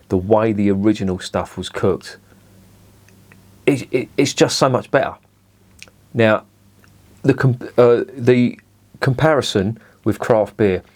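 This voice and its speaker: A middle-aged man with a fairly low voice talks casually through a beer review. He is blunt and sweary, ranting as he goes and leaning on "you know" between thoughts. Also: a little mellow.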